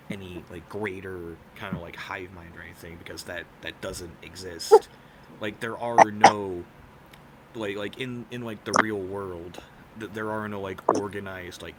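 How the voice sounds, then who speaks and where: Young male candidate, low-pitched, rambling and filler-heavy; noisy background with traffic. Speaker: debate candidate. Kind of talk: debate answer.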